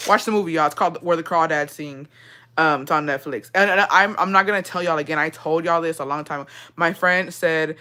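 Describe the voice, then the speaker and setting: A woman's voice: lowish voice, a little fast, bright, forceful tone. Young woman ranting emotionally to viewers. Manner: emotional, profane, rambling. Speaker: vlogger. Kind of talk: casual chat to viewers.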